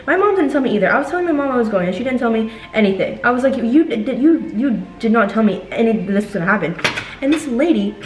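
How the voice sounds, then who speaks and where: A woman's voice: mid-range voice, echoey room, recorded from a distance, a little hiss or hum, low-quality recording. A young woman vlogger telling a story in casual chat while cooking at home, dramatic and full of filler words. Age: young adult.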